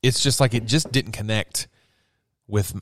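A man's voice: fairly low pitch, unhurried. A man co-hosting a podcast, easygoing and agreeable, joking and restarting his sentences in casual chat. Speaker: podcast co-host. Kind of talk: casual chat reviewing coffees.

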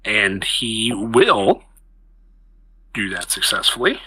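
A man's voice: fairly low pitch, very animated, slow pace, bright, forceful tone, breathy edge, poor audio. A man narrating as game master of a tabletop game, chatty and restarting phrases as he describes the action.

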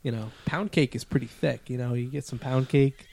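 A man's voice: mid-range voice, steady tone, moderate pace, vocal fry, darkish tone, slight background noise. A man co-hosting a casual podcast who laughs often between crude jokes. His voice sits in an ordinary middle range for a man. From Connecticut. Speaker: podcast co-host.

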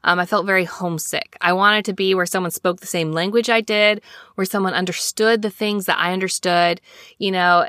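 Woman, 30s, from Alabama; chatty scripture-lesson host, bright tone, dry close sound, rambling storyteller. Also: on the low side, dry recording. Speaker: scripture study podcast host.

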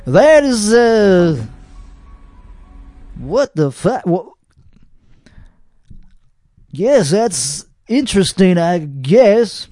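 A man's voice: high voice, very animated, extremely slow, long pauses, mellow, dry recording, studio quality. A man with a Texan accent hosting a podcast, reacting to internet videos in rambling, profane, mock-outraged casual commentary. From Texas. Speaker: podcast host.

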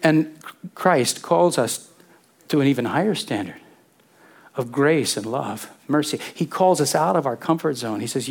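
A middle-aged man preaching a sermon in a lively, conversational way, full of rhetorical questions. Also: mid-range voice, measured pace, creaky, husky. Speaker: pastor.

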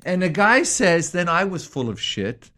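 A man co-hosting a casual talk show, rambling and excitable, with many restarts and repeated words. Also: high-pitched, a little slow. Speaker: co-host.

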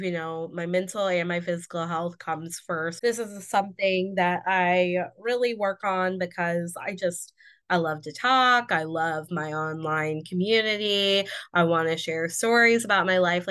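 Woman, twenties, solo podcast host, bubbly and candid, slightly lower pitch, a bit congested from illness. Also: a bit bright, smooth. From Indiana, USA. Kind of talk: casual solo podcast chat.

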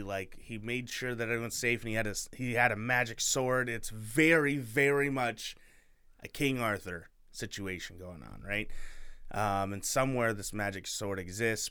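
A young man talks through a story in a relaxed podcast chat, full of fillers and restarts. His voice is bright and forward, clean and resonant. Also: fairly low pitch, smooth. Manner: rambling, filler-heavy storytelling. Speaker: podcast co-host. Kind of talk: casual chat, retelling a book.

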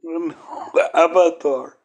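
A man in a casual group chat, joking and tossing in quick quips between votes. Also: on the high side, fairly even intonation, a little mellow. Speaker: participant voting.

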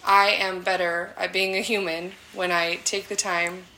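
A woman's voice: fairly low pitch, little pitch movement, measured pace, vocal fry, pushed and bright, slight background noise, rough recording. A woman in her thirties co-hosting a podcast, talking loosely with lots of fillers and swearing. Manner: loose, rambling, swears often, many fillers. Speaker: podcast co-host. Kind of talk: casual podcast chat.

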